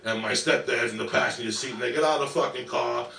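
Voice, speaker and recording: A man telling a profane comedic story, brash and animated, swearing constantly, in an echoey clip heard from a distance. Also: medium pitch, quick pace, vocal fry. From New York. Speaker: stand-up comedian. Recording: echoey clip picked up from afar.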